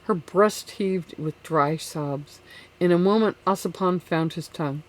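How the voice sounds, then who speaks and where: Audiobook narrator, measured classic-novel storytelling, mid pitch.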